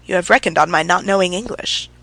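Woman reading a tired, ailing doctor, resigned and measured, in a storybook. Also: lowish voice, creaky, sharp tone, dry recording, full character voice, low-quality recording. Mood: weary. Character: sick, weary middle-aged male doctor.

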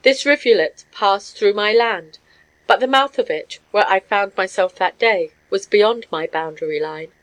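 A woman giving a measured, scripted narration of a story. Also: mid-range voice, poor audio. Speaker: audiobook narrator.

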